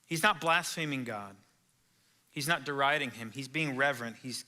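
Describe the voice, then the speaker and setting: A man's voice: medium pitch, bright, forceful tone. A male pastor preaching a sermon in a church, earnest and conversational, asking his listeners direct questions. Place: church sanctuary.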